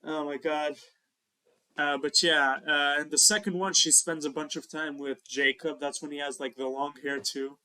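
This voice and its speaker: A man with a fairly high, bright, forceful voice co-hosts a casual podcast. He rambles loosely, leaning on lots of "uh" fillers and laughing easily. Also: steady tone, moderate pace, clean tone. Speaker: podcast co-host. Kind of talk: casual chat.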